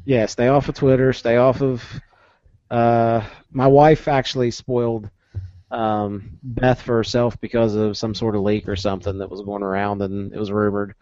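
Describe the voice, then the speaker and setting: Lo-fi animated American East Coast man. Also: mid-range voice, moderate pace, no room sound. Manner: animated storyteller, acts out quotes. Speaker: podcast co-host. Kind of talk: casual chat. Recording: dull, lo-fi dry sound.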